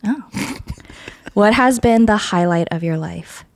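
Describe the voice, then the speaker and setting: A woman hosting a casual interview, chatty and giggly, asking questions in quick bursts. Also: medium pitch, dry recording, clean studio sound. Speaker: podcast host.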